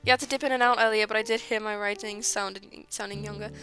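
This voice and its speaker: A woman's voice: medium pitch, steady tone, fast, fairly bright tone. A woman streamer reading her friends' old fan fiction aloud, often breaking off to laugh, apologize and comment. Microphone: streaming mic. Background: music playing.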